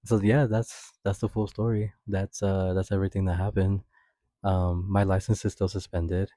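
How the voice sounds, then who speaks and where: Low-voiced young man telling a story. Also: little pitch movement, moderate pace, mellow, no room sound. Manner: chatty, swears often, laughs while telling, acts out quotes in a high voice. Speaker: podcast host. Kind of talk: casual storytelling.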